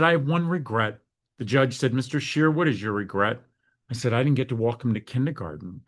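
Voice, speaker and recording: Middle-aged american guy, earnest and heartfelt, tells his story as a guest, mid-pitch voice. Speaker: guest, foster care advocate. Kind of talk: emotional storytelling interview.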